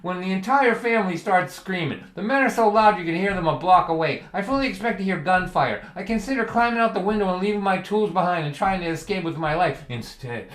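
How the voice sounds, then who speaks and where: Talking fairly quickly with hardly any pauses, a high-voiced Massachusetts folk singer delivers humorous stories on a livestream. He keeps a wry, deadpan tone, now and then bursting into loud acted quotes. The recording carries room echo.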